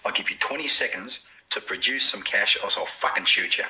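A sneering Australian thug. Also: male voice, fairly low pitch, fairly quick, bright, forceful tone, a little hiss or hum, low-quality recording. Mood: menacing. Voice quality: sneering, swears casually, mocking. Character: brash menacing male Australian standover thug, sneering. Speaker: menacing standover criminal in a film. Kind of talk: film scene.

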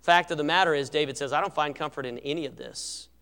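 A man preaching a sermon as pastor, earnest, swinging from loud emphasis to quiet asides. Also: a little high, fast talker, clean tone. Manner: earnest, rises and drops in volume for emphasis. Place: church sanctuary. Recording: church sermon with long hall reverb.

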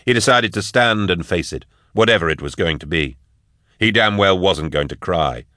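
An audiobook narrator with a very low voice reads scripted narration in a steady, measured way. The recording is close and dry, without any room sound.

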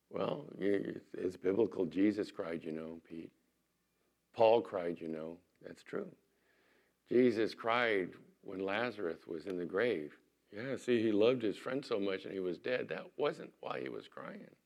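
Man preaching with big swings of loudness. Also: deep voice, unhurried, creaky. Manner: animated preaching, voice swinging from loud emphasis to soft asides. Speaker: pastor. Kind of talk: sermon.

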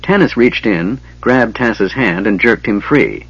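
A man narrating an audiobook in a steady, even reading. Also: fairly low pitch, unhurried, breathy edge. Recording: dull lo-fi, dry.

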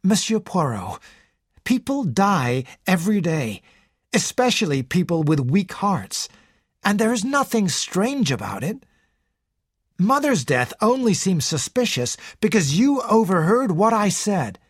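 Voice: mid-range voice, sing-song, measured pace, slightly rough, no room sound, studio quality, pitched above the performer's own voice. A reader voicing a shaken young man who stammers and pleads, in an audiobook. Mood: protesting. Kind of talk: audiobook character reading.

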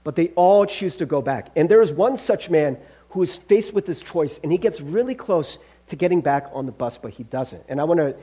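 Animated, husky-voiced male pastor. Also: a little high, normal speed. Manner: animated, conversational, addresses listeners as friends. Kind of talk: sermon.

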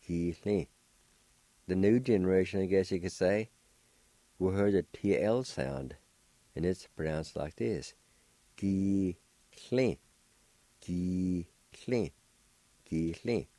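Brief: middle-aged male radio language teacher, low mellow voice, slow, patient, repeats words. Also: dry recording. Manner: patient, spells words letter by letter and repeats them. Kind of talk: radio vocabulary lesson.

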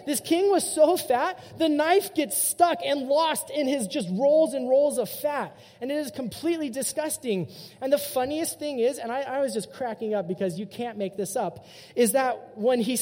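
This is a youth sermon from a young man serving as youth pastor, delivered as casual, animated storytelling. The hall gives his high, mellow, laid-back voice a long, ringing reverb.

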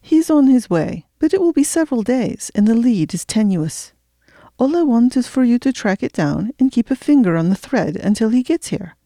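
A woman's voice: fairly high pitch, very animated, normal speed, warm tone, no echo, clean studio sound, voice pushed up. Woman playing a clipped Flemish old boss. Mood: businesslike. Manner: clipped and direct. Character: blunt elderly woman, former boss, nearly eighty.

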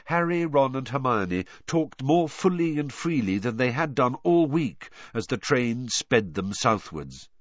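A man narrating an audiobook in an expressive, animated reading. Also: mid-range voice, a little slow, few pauses, no echo, muffled recording.

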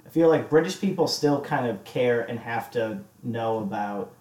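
A man co-hosting a casual music podcast, laid-back and quick to laugh, with hesitant trailing phrasing. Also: mid-range voice, animated, a little mellow, roomy sound. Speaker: podcast co-host. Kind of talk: casual chat about music.

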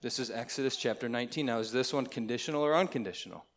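A man's voice: medium pitch, very fast. A man preaching a sermon in a conversational way, often asking the congregation questions. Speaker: pastor.

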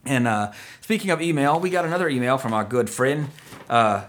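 A man's voice: medium pitch, expressive, brisk, a bit bright. Rambling joking male podcast host. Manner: rambling, joking, self-correcting. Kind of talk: casual podcast chat.

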